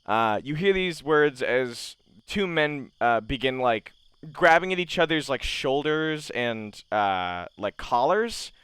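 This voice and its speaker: A man's voice: mid-range voice, big pitch swings, takes it slowly, fairly bright tone, clear, resonant tone, dry recording. A man narrating casually as game master, with many fillers.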